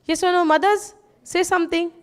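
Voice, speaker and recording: A high-pitched woman preaches to a congregation and tells her testimony. She keeps calling out to the crowd for answers, then turns quiet and low in her personal asides. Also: steady tone, brisk. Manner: asks the crowd "yes or no?", drops low and soft in asides.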